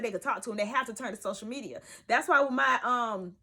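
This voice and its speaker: Young woman vlogger, higher voice, emphatic and preachy, talking from bed. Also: quick pace, few pauses, breathy edge. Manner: emphatic, preachy, swings from loud to hushed. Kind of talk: casual talk to camera. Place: bedroom, sitting in bed.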